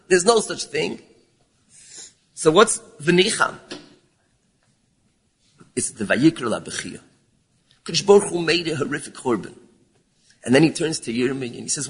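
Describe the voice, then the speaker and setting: A man giving a sermon, mixing English with Hebrew and Yiddish terms, dropping low and then rising into pleading calls. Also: a bit bright, breathy edge. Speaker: rabbi giving a talk. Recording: long hall reverb.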